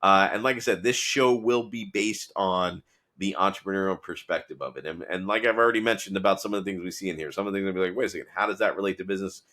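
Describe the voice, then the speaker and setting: A man's voice: sits low, fast talker, sharp tone. A man hosting a solo podcast, talking through a TV episode in a rambling, conversational way with many restarts. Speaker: podcast host and business consultant.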